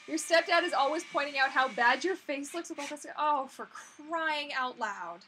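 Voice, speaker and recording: Woman in her thirties, bright tense voice, slightly high, rambling casual livestream chat. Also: moderate pace, few pauses, slight background noise. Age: 30s. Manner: chatty and rambling, full of fillers and restarts. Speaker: livestream host answering viewer questions.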